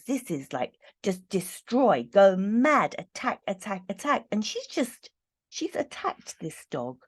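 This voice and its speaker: A woman's voice: fairly low pitch, darkish tone. Earnest woman doing a tarot reading. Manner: earnest, halting, with many fillers. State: getting emotional. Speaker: tarot reader. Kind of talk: casual tarot reading to camera.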